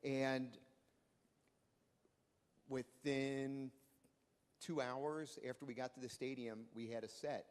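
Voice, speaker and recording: A man from the audience telling an animated work story at a panel discussion. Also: medium pitch, slow pace, long pauses, clean tone. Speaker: audience member sharing a story. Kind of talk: anecdote told at a panel. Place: conference hall. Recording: echoey conference hall.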